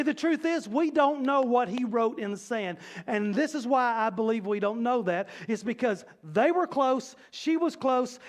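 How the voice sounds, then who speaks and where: High-voiced animated preacher. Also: male voice. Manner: animated, conversational preaching with playful asides. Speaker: pastor. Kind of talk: sermon. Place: church sanctuary.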